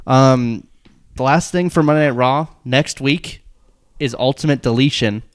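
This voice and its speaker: Chill young dude co-hosting, dry close mic, mid voice. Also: male voice, mid-range voice, measured pace, no room sound. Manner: easygoing, dry, keeps the show moving. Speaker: podcast co-host. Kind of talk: casual wrestling chat.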